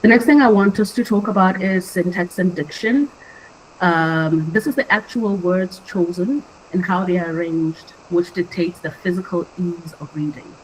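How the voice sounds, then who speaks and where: A young adult woman from Africa speaks in a fairly low voice as she leads an online poetry workshop. She explains things earnestly and conversationally, often pausing on fillers. A faint background hiss sits behind her. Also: rough recording.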